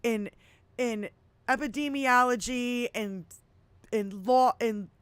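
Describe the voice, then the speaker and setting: Woman, fifties, podcast co-host, profane, animated, smooth voice, dry sound. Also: fairly high pitch, slow, dry recording. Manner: profane, animated, laughs often. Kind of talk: casual political chat.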